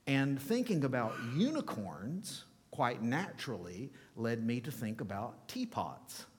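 A male pastor giving a conversational sermon, chuckling softly now and then as he talks to the congregation. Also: medium pitch, very animated, measured pace, in a large hall, a little hiss or hum. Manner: conversational preaching with soft chuckles.

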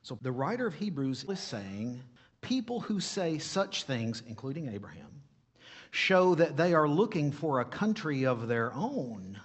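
A man with a non-native English accent delivers an animated sermon in a fairly high, breathy-edged voice, speaking unhurriedly. He repeatedly poses questions to the congregation and then answers them himself.

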